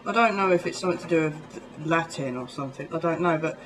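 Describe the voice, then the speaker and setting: A man from near London with a southern English accent vlogs to camera, rambling casually and chatting with lots of ums and little laughs. His voice is on the high side and a bit bright, quick in pace, and the audio is poor.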